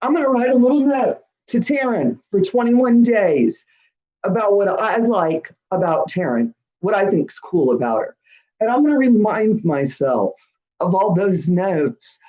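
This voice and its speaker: Slow-spoken woman hosting a chatty livestream Q&A. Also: medium pitch, expressive, warm tone, dull audio. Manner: chatty and encouraging, often checks in with "all right?". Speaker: host of a witchcraft channel. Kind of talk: live-stream Q&A, reading viewer comments.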